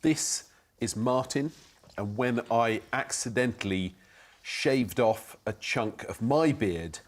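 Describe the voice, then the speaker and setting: A man on a comedy panel show, explaining his claim in a halting, matter-of-fact way. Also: mid-range voice.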